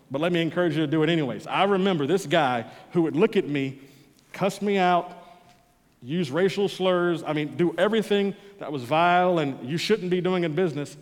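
A man preaching a sermon, telling a personal story and moving between loud, pleading bursts and quiet, intense passages. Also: on the high side. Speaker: pastor. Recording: long hall reverb.

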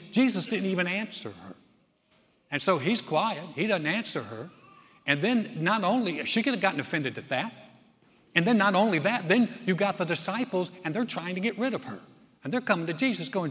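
A male pastor delivers a sermon with a fairly high voice, pushing hard on key lines and then easing back to near hushed tones. The room rings with a long, lingering reverb. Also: expressive, moderate pace. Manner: dynamic preaching, surges loud then drops soft.

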